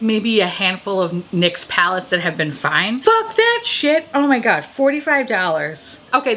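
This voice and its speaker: A woman's voice: a little high, sharp tone, a little hiss or hum. A young woman giving casual, profane and sarcastic commentary on new makeup releases.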